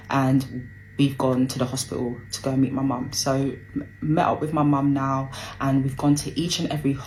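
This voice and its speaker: Low-voiced woman telling her story. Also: a little mellow, a little hiss or hum, low-quality recording. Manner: hesitant, lots of ums, acts out what people said. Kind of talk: personal storytime.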